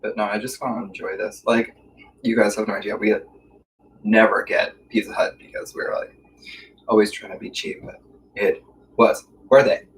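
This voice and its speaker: Low-voiced man, hesitant mukbang chatter. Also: flat delivery, far from the mic, a little hiss or hum, rough recording. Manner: hesitant, many filler pauses. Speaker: livestream co-host. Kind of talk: casual chat while eating. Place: warm room at home.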